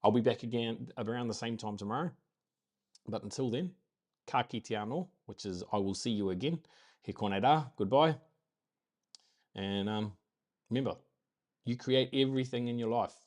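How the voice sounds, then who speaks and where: Speaking at a moderate pace and pausing often, a New Zealand-accented man with a mid-range, darkish voice runs his daily live stream. He's from New Zealand, and the tone is casual and motivational. He's upbeat, rambles, and circles back to the same key phrases.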